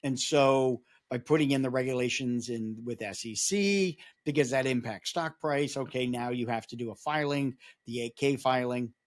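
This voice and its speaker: A man guesting on a podcast interview with a voice of ordinary middle pitch. He talks through his points at length, telling them like a story in a relaxed, conversational way. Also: normal speed, hardly any pauses. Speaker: podcast guest, security awareness advocate.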